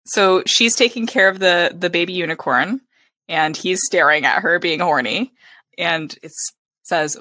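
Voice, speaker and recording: A woman's voice: on the low side, measured pace, dry recording. A woman co-hosting a book podcast, chatting casually and laughing often as she retells scenes. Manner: lively, chatty, with frequent laughter and acted-out quotes. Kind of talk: casual book-club chat.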